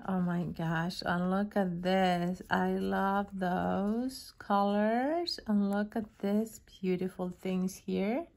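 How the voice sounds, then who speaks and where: Slow-talking woman gushing over crafts. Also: medium pitch, vocal fry. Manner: gushing, admiring, soft-spoken with frequent fillers. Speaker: craft channel host. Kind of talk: casual unboxing vlog.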